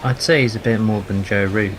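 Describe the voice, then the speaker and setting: A man's voice: fairly low pitch, steady tone, brisk, noisy background. A man chatting casually as co-commentator on a cricket broadcast. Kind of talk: casual chat during commentary.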